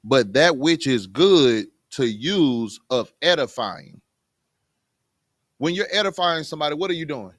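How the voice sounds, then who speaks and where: A man's voice: a little high, animated, unhurried, fairly bright tone, dry recording, studio quality. A man teaching a Bible class in plain everyday talk, often putting rhetorical questions to his students. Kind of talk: conversational scripture teaching.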